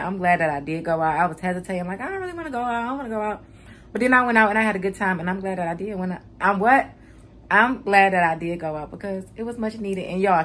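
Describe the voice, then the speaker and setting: A woman's voice: on the low side, a bit bright. A woman chatting casually in a home vlog, talking straight to her viewers as she films herself on a phone. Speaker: vlogger.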